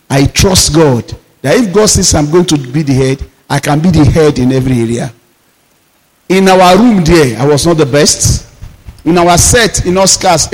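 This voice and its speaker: A male pastor delivering a sermon, drawing out emphatic declarations slowly. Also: sits high. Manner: preaching with emphatic slowed declarations. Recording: long reverb of a hall.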